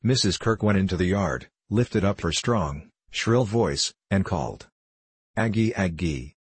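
A man narrating an audiobook novel in a measured, even reading. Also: low voice, husky, no echo. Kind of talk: scripted narration.

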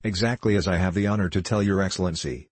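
A man's voice: deep voice, quick pace, no echo. A man reading the part of a deferential, fearful innkeeper in an audiobook. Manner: deferential, humble. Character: fearful fawning middle-aged innkeeper.

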